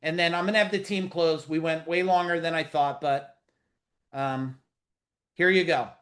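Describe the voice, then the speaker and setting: This live webinar for business owners, held over a video call, is run by a middle-aged man whose voice is fairly high and whose pace is moderate. He coaches casually and directly, staying loose and animated while swearing bluntly and cracking jokes.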